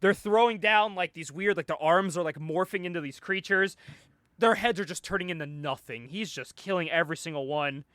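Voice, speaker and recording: A man hosting a podcast, casually retelling a comic book story with animated energy, frequent laughs and swearing. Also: high voice, brisk, no echo, clean studio sound. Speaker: podcast host recapping a comic. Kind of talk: casual chat.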